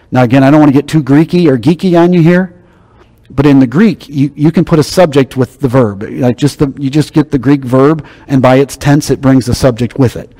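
A man's voice: medium pitch, moderate pace, dark tone. A man preaching a sermon, teaching in a conversational, emphatic way. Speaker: pastor.

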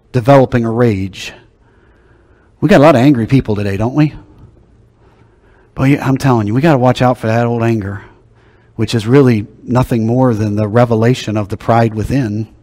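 A man preaching a sermon, telling folksy stories and swinging between quiet low asides and loud outbursts. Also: big-room sound, rough recording. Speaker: pastor.

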